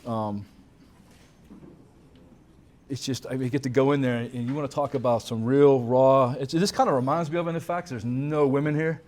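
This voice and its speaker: Speaking at normal speed with frequent pauses, a man with a medium-pitched, fairly even, slightly mellow voice delivers a recovery talk at a conference banquet, with a little hiss or hum in the audio. In his thirties or forties, he addresses the crowd candidly and casually, using lots of "man" and "dude" and the occasional swear.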